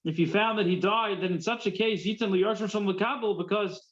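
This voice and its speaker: Male rabbi teaching a Talmud class; high-pitched voice, slightly muffled recording. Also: fairly even intonation, a little fast. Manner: mixes Hebrew-Yiddish terms into English, repeats words while thinking.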